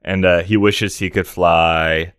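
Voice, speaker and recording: A man co-hosting a podcast, casual film chat full of jokey deadpan asides and quick corrections. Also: sits low, clear, resonant tone, no room sound, clean studio sound. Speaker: podcast co-host.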